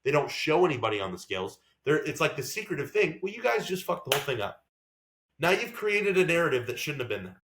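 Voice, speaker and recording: A man vents on a podcast in an angry, swear-laden rant, his somewhat high voice leaping up and down as he talks. The sound bounces around a roomy space. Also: very animated, fast, noisy background. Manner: heated, profane rant. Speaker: podcast co-host and racing driver. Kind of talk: casual podcast chat.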